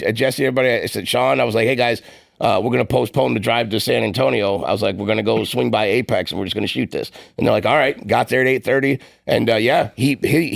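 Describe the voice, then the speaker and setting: Male host, rapid rambling storyteller, gravelly edge. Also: medium pitch, no room sound, clean studio sound. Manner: fast, rambling storyteller with fillers. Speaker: podcast co-host. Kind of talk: casual podcast chat.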